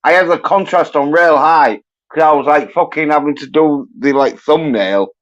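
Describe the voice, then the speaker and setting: A man's voice: fairly high pitch, normal speed, lo-fi sound. A man hosting a podcast who talks casually and swears a lot, speaking over a phone. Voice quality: frequent swearing. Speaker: podcast host. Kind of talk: casual chat, frustrated and sweary.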